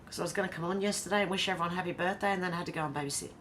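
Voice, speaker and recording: A woman's voice: on the low side, steady tone, rapid-fire, fairly bright tone, a little hiss or hum. An Australian woman hosting a casual livestream, reading viewer comments aloud and chatting back between them. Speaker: livestream host.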